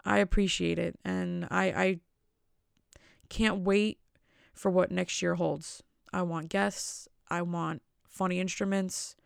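A woman's voice: lowish voice, level tone, takes it slowly, gravelly, clear, resonant tone, no room sound, clean studio sound. A woman hosting her own podcast at home, talking in a loose, rambling way and joking at her own expense. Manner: rambling, self-mocking jokes. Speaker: podcast host. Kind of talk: casual solo podcast chat. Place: at home with family asleep.

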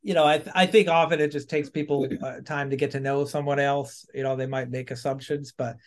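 A man's voice: fairly high pitch, flat delivery, a little fast. A man from Maine in casual conversation, chatty, laughing often and restarting his sentences. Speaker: podcast guest. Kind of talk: casual chat.

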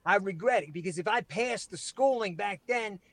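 A man in his forties telling a story in casual chat, animated and profane, laughing as he goes. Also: high-pitched, normal speed. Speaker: podcast guest storyteller.

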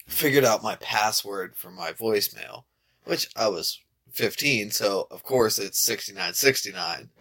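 A young man co-hosting a podcast in casual chat, laid-back, swearing often and laughing as he acts out quotes in higher voices. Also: a little slow, vocal fry, bright, forceful tone. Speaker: podcast co-host.

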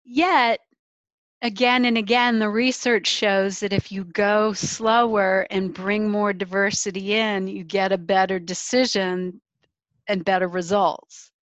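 A woman hosting an interview podcast, attentive and quick to affirm her guest. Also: mid-range voice, steady tone, dry recording. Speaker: podcast host. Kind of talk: casual interview talk.

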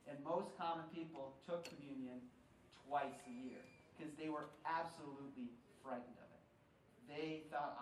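A man's voice: medium pitch, normal speed, a little hiss or hum. A man in his forties giving a conversational talk to a live audience in a large room, telling stories with wry humor. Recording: roomy hall, voice from some distance.

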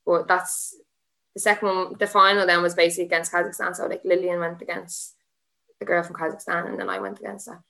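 Fast-talking young Irish woman. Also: lowish voice, little pitch movement, gravelly, sharp tone. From Ireland. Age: young adult. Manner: rambling, lots of "like", laughing asides. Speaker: guest, MMA fighter. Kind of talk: casual podcast storytelling.

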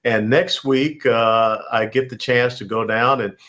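A man in his sixties from Georgia with a Southern American accent, answering interview questions in a measured, formal way with frequent pauses. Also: mid-range voice, steady tone, sharp tone. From Atlanta, Georgia, USA. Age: 60s. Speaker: guest.

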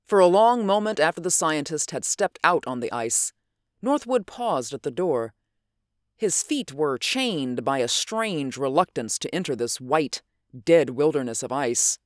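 A narrator reading an adventure story in measured, unhurried scripted narration. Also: medium pitch, animated, no room sound, studio quality. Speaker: audiobook narrator.

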